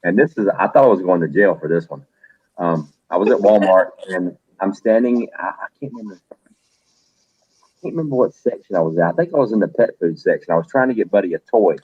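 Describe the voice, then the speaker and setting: Husky low-voiced man telling stories. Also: brisk, lo-fi sound. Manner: animated anecdotes with quoted voices. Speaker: host. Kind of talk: casual storytelling chat.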